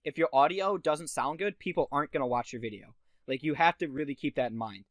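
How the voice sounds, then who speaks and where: A man's voice: fairly high pitch, fast, dry recording. A young man co-hosting a casual podcast, giving emphatic advice with lots of fillers and restarts. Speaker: podcast co-host.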